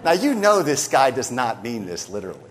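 A man preaching a sermon, talking straight to his listeners and acting out the voices in the story he tells. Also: a little fast. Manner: animated, sweeping pitch and loudness, acts out quoted voices.

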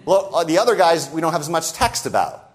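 Animated, high-voiced male preacher. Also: a little fast. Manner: animated, sweeping pitch and loudness, acts out quoted voices. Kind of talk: sermon.

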